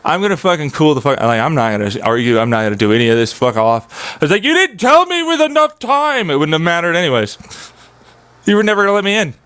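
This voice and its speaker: A man's voice: medium pitch, expressive, quick pace, fairly bright tone, clear, resonant tone, no room sound. A young man streaming, venting in an agitated, profane, rambling monologue.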